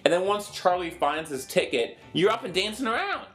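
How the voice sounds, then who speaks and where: A man voicing a fed-up, furious mother with a shrill, screeching rant. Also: very animated, fairly quick, fairly bright tone, faint music behind.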